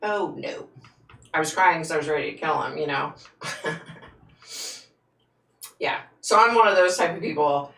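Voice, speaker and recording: Host: low-voiced, gravelly woman chatting frankly with viewers, room echo, sits back from the mic. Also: normal speed, long pauses, fairly bright tone, far from the mic. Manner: frank and chatty, laughs often. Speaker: psychic hosting a live stream. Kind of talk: casual live-stream chat answering viewer comments. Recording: echoey room, voice away from the mic.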